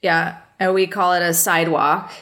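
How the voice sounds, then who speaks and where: An American woman chats loosely on a podcast she co-hosts. She talks in an easy, lively way and laughs often. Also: on the low side, moderate pace. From United States. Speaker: podcast co-host. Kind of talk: casual chat.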